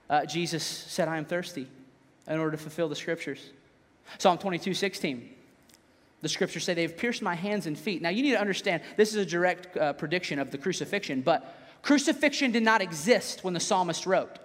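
A man, preaching a sermon in a casual, animated way and dropping his voice for dramatic scripture readings. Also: high voice. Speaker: pastor. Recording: echoey hall.

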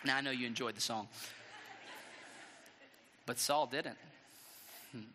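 A male pastor preaching a sermon with dramatic, animated storytelling and rhetorical questions. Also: mid-range voice, measured pace, in a large hall, a faint crowd, slight background noise.

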